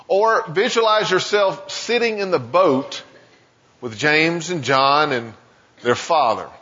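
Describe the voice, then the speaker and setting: A pastor with a somewhat high, breathy and husky voice delivers a sermon, swooping animatedly as he turns his congregation's doubts into questions. The recording is muffled, dull and lo-fi, with the long echo of a large hall.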